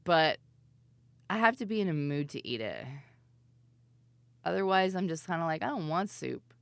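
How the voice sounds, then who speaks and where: A woman's voice: lowish voice, very animated, moderate pace, clean tone, dry recording. A young adult woman streamer chatting casually and rambling through stories, giggling often and mimicking voices as she tells them.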